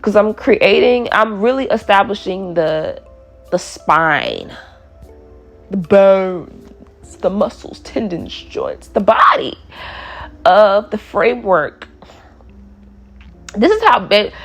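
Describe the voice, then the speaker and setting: A woman's voice: mid-range voice, lively intonation, slow, pauses often, soft background music. A woman in her twenties hosting a solo podcast, chatty and playful, riffing and laughing as she talks. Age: 20s. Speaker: podcast host. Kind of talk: casual solo podcast chat.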